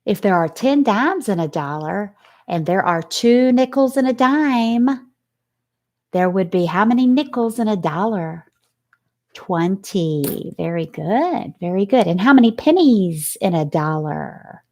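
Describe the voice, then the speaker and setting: A woman teacher walks young children through a phonics lesson, sounding out each letter at an unhurried pace. Her voice rises and falls with lively, sing-song pitch as she asks questions and praises the answers.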